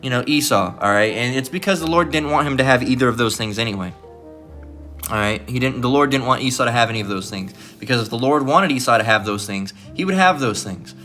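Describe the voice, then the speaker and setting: Bright-voiced man reading scripture aloud. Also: mid-range voice, lively intonation, quick pace, soft background music. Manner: reads archaic scripture with stumbles and rereads, breaks in with blunt asides; peppers remarks with "all right?". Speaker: preacher. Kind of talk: Bible reading with commentary.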